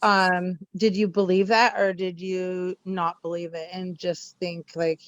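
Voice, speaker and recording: A woman's voice: lowish voice, level tone, measured pace, dry recording. Hesitant woman, dull dry sound. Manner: hesitant, many restarts. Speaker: audience member asking a question.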